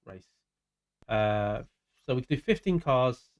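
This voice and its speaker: Streaming a racing game live, this South London man talks casually to his viewers, calling them by name and slipping into mumbled asides. His medium-pitched voice is animated but slow, and the recording has its highs cut off.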